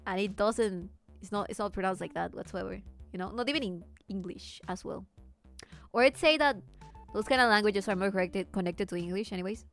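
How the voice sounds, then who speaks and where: A woman's voice: medium pitch, a little fast, soft background music. A woman from Latin America chatting casually while streaming a game, rambling and swearing freely as she goes. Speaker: VTuber streamer.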